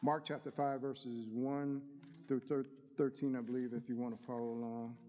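A man's voice: medium pitch, level tone, normal speed, warm tone, muffled recording, slight background noise. A man preaching a sermon, reading scripture aloud with rising emphasis and stopping now and then to find his notes. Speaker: deacon preaching. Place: church sanctuary. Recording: long reverb of a church hall.

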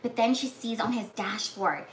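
A woman casually retelling a movie plot, talking with lots of "like"s and acting out the characters' lines in whispers and shouts. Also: fairly high pitch, normal speed. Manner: animated, many "like"s, acts out lines in whispers and shouts. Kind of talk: casual chat. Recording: echoey room with faint noise.

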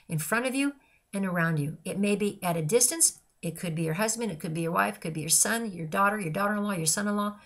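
Earnest older woman giving a devotional talk. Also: on the low side. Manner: earnest and repetitive, listing phrases. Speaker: christian speaker.

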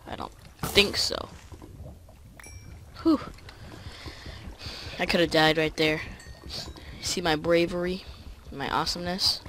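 Let's play gamer, casual commentary, excitable, unhurried, faint background noise. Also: mid-range voice. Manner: chatty, excitable, talks through each move.

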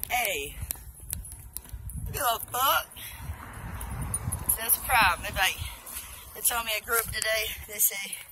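A woman's voice: medium pitch, expressive, takes it slowly, long pauses, background noise. A drunk young woman vlogging outdoors on her phone, rambling and swearing with loose banter. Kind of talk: casual rambling selfie vlog. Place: outdoors by a busy road.

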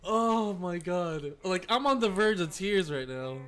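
A man giving excitable live commentary while streaming a game, swearing and talking to the players he is up against. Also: high-pitched, unhurried, a little hiss or hum. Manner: excitable, swears, talks to opponents.

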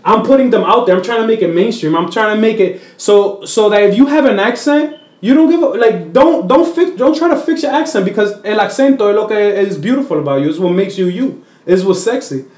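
The recording has a roomy sound, and the man's voice is high-pitched and a little fast. A Dominican-born comedian appearing as an interview guest, he chats casually in a mix of English and Spanish, animatedly taking on voices while telling stories.

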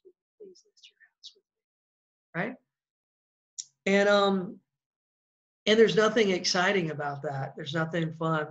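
Male real estate coach, blunt and chatty, gravelly voice, lo-fi sound. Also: sits high, fairly bright tone. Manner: blunt, conversational, acts out example calls. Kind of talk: casual coaching talk.

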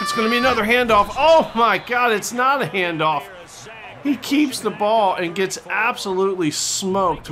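A man doing excitable mock play-by-play commentary over a football video game, bursting into loud exclamations on big plays and tossing in cheeky asides. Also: high-pitched. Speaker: gaming channel host. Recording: game music playing behind the voice.

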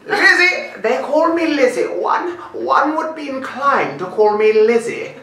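A plummy, sing-song elderly queen, put on by a man in a high falsetto, bright and jaunty. The sound is roomy and a bit distant, with faint music underneath. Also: sing-song, unhurried, slight background noise, heavily acted. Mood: chirpy regal. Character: elderly, regal British queen, plummy and chirpy. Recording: roomy, from afar, music behind.

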